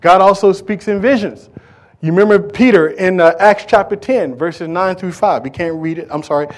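A man's voice: high voice, moderate pace. A man preaching a sermon in a folksy, conversational way, restarting phrases and speaking directly to the congregation.

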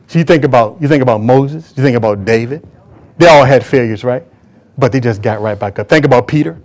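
A man's voice: medium pitch, fairly quick, darkish tone. A man preaching a sermon to a church congregation, emphatic and drawing call-and-response from the crowd. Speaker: pastor.

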